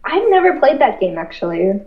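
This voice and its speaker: A young-sounding woman guest, hesitant and self-deprecating, at a somewhat high pitch. Her mic is dull and lo-fi, in an echoey room. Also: big pitch swings, a little fast. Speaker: podcast guest. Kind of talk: casual podcast chat.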